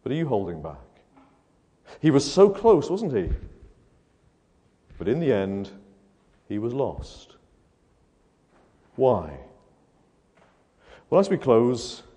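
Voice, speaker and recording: A man preaching an evangelistic sermon, firing rhetorical questions and swinging between hushed and loud delivery. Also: mid-range voice. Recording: echoey hall.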